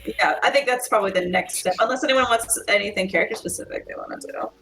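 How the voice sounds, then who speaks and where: A woman's voice: mid-range voice, animated, fast talker, creaky, fairly bright tone, soft background music. A woman playing a tabletop game, chatting casually in a jokey, giggly way. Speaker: player. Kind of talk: casual chat.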